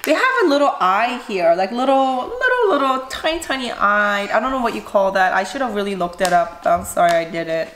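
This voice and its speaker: A woman's voice: mid-range voice, very animated, fairly quick, few pauses, a bit bright. A woman cooking vlogger chatting casually to camera, showing things and addressing her viewers directly. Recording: echoey room, faint noise.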